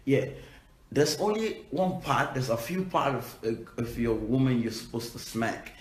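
A man's voice: medium pitch, expressive, measured pace, roomy sound, slight background noise. A man with a Nigerian accent, a musician giving brash, profane, playful advice in a casual vlog.

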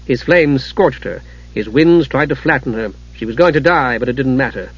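A man reading a fantasy novel aloud in measured, dramatic audiobook narration. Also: medium pitch, animated, slightly rough. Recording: dull lo-fi recording.

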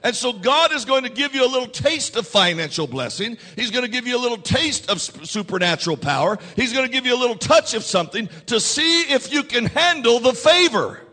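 A man's voice: very high voice, big pitch swings, brisk, few pauses, bright, forceful tone, long reverb tail. A man, the pastor, preaching a sermon to his congregation and leading call-and-response. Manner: preaching with rising intensity and call-and-response prompts. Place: church sanctuary.

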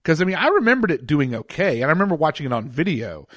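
A man's voice: a little high, sing-song, quick pace, a bit bright, no echo. A man co-hosting a casual podcast chat, chuckling often as he talks. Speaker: podcast co-host.

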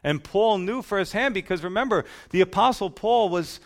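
A man preaching a sermon, retelling scripture in a folksy, storytelling way that swings between loud and soft. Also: high voice, lively intonation, moderate pace, gravelly. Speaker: pastor.

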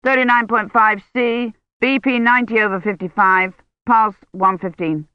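A woman's voice: mid-range voice, steady tone, moderate pace, smooth, no echo, voice pushed up, natural voice. A woman voicing an irritated male medic who reports in a clipped, matter-of-fact way. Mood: curt. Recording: dull lo-fi recording.

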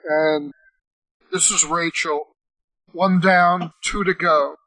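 A woman's voice: on the low side, steady tone, slow, fairly bright tone, no room sound, poor audio. A woman hosting a casual podcast, calling on each panelist in turn. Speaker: podcast host.

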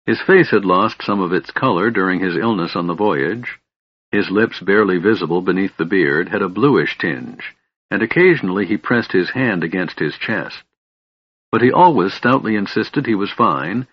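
Husky, low-voiced male audiobook narrator. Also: lively intonation, normal speed, no echo, lo-fi sound. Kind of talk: scripted fantasy narration.

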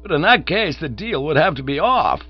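An eager small-town American booster who talks like a salesman, as a male storyteller puts him on. He runs higher and brighter than the narration, with bouncy pitch, and the recording sounds dull, with a low hum behind it. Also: big pitch swings, moderate pace. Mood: hearty.

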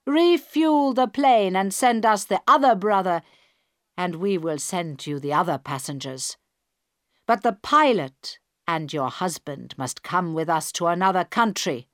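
A cold, threatening male hijacker barks his demands over a radio, as a woman narrator reads him. He talks slowly and loudly, pressing every word. The pace stays deliberate throughout. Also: on the low side, expressive, no room sound, clean studio sound. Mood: menacing.

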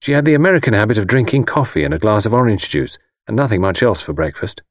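Male audiobook narrator, low voice with a lively melody, dry close sound, unhurried. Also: no room sound. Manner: measured, reflective storytelling.

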